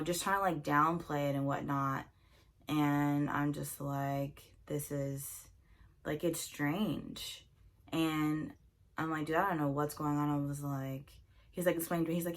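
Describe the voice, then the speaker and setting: A young woman vlogger telling a storytime while doing her makeup, chatty and animated, acting out quoted dialogue with lots of filler words. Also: sits low.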